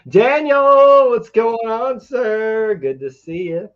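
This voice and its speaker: A man co-hosting a live trivia show, chatting casually and excitably, jumping from one thought to the next. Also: extremely high pitch, takes it slowly, highs cut off. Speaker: co-host of a Disney trivia show. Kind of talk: casual livestream chat.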